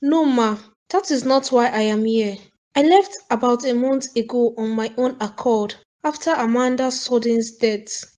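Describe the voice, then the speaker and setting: A woman plays a heartbroken young mother in an animated film, her high voice pleading and breaking into sobs. She speaks slowly and carefully, with a Nigerian accent. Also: natural voice. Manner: sobbing, pleading. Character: grieving young mother, tearful and remorseful. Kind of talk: cartoon movie voice acting.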